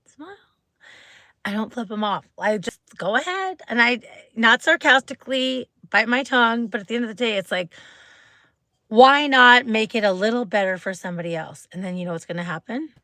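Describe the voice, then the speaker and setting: A woman chatting on a live stream, bubbly and loose, saying "like" again and again as she greets people. Her voice is bright and forward, and it sounds close and dry with no room around it. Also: a little high, normal speed, no room sound. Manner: chatty, bubbly, full of "like" fillers, greets viewers. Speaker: livestream host. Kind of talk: casual live-stream chat.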